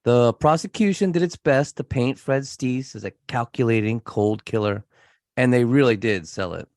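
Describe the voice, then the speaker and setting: A man talks through a true crime case in a relaxed, chatty way, mid-pitched and at ease. His voice sits close and dry on the mic. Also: normal speed, no echo. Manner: casual, chatty, jokes with co-host. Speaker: podcast co-host. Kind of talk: casual true crime podcast chat.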